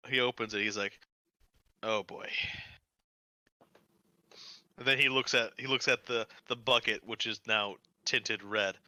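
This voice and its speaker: A man's voice: on the low side, bright, forceful tone, clear, resonant tone, dry recording, poor audio. A man narrating as game master of a tabletop game, loose and stumbling over his words.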